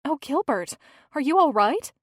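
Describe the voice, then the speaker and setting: A woman voicing a lively, witty young female assistant who talks a lot and teases in an audiobook. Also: sits high, moderate pace, no room sound, studio quality, pitched above the performer's own voice. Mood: worried. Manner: chatty and warm-witted.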